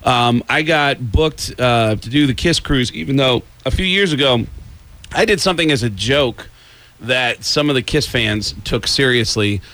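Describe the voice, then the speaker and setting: Brief: male comedian guest, animated storyteller, neutral accent, from New York. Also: mid-range voice, unhurried. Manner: animated storyteller who slips into voices. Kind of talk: casual interview chat.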